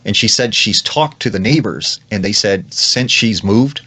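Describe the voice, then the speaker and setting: A man's voice: lowish voice, lively intonation, measured pace, sharp tone, husky. A man casually retelling a creepy story, full of "like" and quoted lines. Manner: retells with lots of "like" and acted quotes. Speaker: storyteller in clip.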